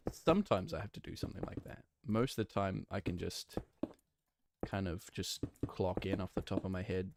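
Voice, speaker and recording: A man's voice: on the low side, creaky, no room sound, studio quality. A man chatting casually and rambling while he plays a building game and answers his live chat. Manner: rambling, easygoing, lots of fillers and self-corrections. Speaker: streamer playing a block-building game.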